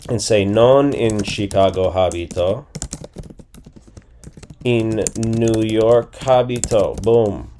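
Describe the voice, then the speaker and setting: Man in his 40s, language teacher, thinks aloud while typing, low mellow voice, slow pace, faint noise and keyboard clicks. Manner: thinking aloud, guessing phrases and repeating them. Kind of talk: casual screen-recorded lesson.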